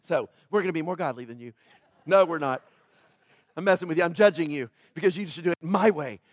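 High-voiced joking male pastor. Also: a little fast, no room sound. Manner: animated, joking, acts out quoted voices. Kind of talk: sermon.

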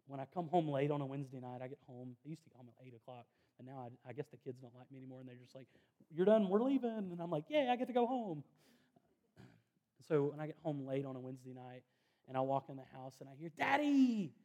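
A man's voice: medium pitch, fairly even intonation, quick pace, warm tone. A man, preaching a sermon in an earnest, conversational way with self-deprecating asides. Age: 30s. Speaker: pastor.

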